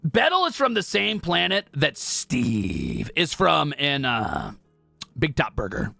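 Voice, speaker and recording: Bright, lively young man streaming. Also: fairly high pitch, takes it slowly, creaky, dry recording, faint music behind. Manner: playful, joking, drifts into mumbling while typing. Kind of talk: casual gaming livestream chat. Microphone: close streaming mic.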